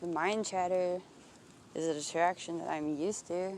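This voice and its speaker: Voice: medium pitch, fairly even intonation, normal speed, darkish tone, slight background noise. Profane, rambling outdoor vlogger. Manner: profane, searching, thinks aloud with restarts. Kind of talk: rambling introspective monologue. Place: outdoors, walking.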